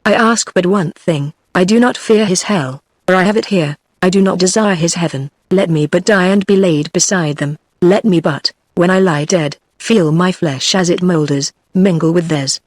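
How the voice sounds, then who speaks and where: A woman's voice: lowish voice, normal speed, hardly any pauses, dry recording, natural voice. A British-accented synthetic woman reading a grieving old astronomer. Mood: wild grief. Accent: British English. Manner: even synthetic reading, little change between characters. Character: grief-crazed old male astronomer, bitter and scornful.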